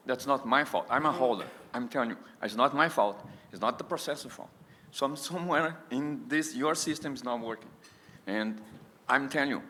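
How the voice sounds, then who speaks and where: A man's voice: on the high side, a bit bright, a little hiss or hum. A man in his sixties speaking up from the audience at a public meeting, emotional and pleading. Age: 60s. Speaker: audience member asking a question. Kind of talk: impassioned public comment. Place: meeting hall.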